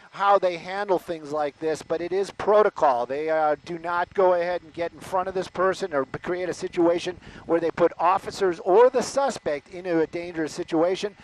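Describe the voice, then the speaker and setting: A man from the Los Angeles area, a news anchor giving chatty live commentary on a police chase, exclaiming and filling pauses with "uh". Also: sits high, rough recording. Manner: chatty, exclaiming, lots of fillers.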